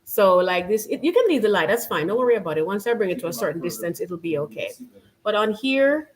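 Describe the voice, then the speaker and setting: Quick and sing-song, her mid-range voice carries a Jamaican accent. The woman, from Jamaica, hosts a relaxed live stream on her channel, talking loosely with plenty of "like"s and "you know"s.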